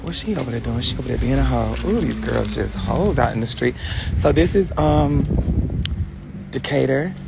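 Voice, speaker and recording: A man vlogging casually from inside a car, joking loudly and cursing as he talks to his viewers. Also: mid-range voice, expressive, moderate pace, vocal fry. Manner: loud, joking, profane banter with the viewers. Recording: car noise in the background.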